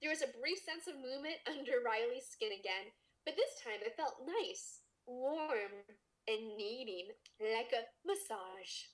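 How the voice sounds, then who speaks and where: A woman reads a story aloud on her podcast in a relaxed, casual way. She giggles and trips over words as she goes. Her voice sits a little high. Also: measured pace. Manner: giggly, stumbles and jokes while reading. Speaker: podcast host reading a story. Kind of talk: casual read-aloud narration.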